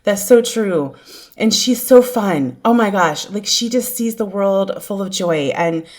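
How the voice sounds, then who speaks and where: A woman's voice: mid-range voice, lively intonation, measured pace. A woman in her thirties hosting a podcast, telling stories in a casual chat and laughing often. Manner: warm storytelling, laughs often. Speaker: podcast host.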